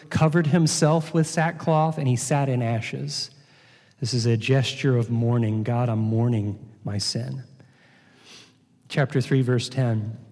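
A man preaches an earnest sermon at an unhurried, deliberate pace, often repeating his words as he teaches. His voice is mellow and dark. The recording carries a long hall reverb. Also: medium pitch.

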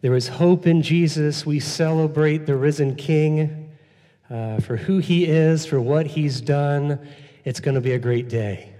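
A man's voice: on the high side, measured pace, warm tone. A man preaching an Easter sermon as pastor, conversational, repeating key phrases and using frequent fillers. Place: church sanctuary. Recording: long hall reverb.

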